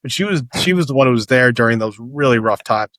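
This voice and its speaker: A middle-aged man talking in an easy, conversational way, looping back and repeating words as he tells stories. His voice sits at an ordinary male pitch. The sound is dry and close. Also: animated, quick pace, a bit bright, no echo. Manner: rambling storyteller, many restarts and repeated words. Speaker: startup founder guest. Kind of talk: casual podcast conversation.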